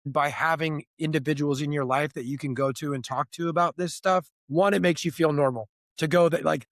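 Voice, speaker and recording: A man's voice: fairly high pitch, fairly even intonation, fairly quick, no echo, clean studio sound. A man hosting an interview, earnestly reflecting and drawing on his own experience. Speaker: host. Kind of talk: conversational interview.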